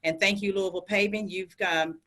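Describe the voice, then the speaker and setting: A woman running a program, speaking warmly and thanking employers at an online graduation. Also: medium pitch, steady tone, fairly quick. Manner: warm, appreciative. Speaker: program organizer. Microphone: video call.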